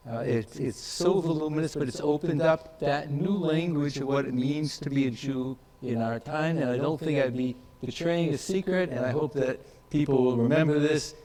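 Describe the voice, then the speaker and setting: A man giving a reflective tribute speech at an academic conference, pausing on fillers and repeating words. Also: fairly high pitch, mellow, a little hiss or hum, low-quality recording. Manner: reflective, with frequent fillers and restarts. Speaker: conference speaker.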